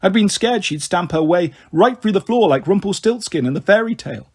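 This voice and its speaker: A man reading a children's novel aloud in a steady, expressive way. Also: high-pitched, brisk, slightly rough. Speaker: storyteller.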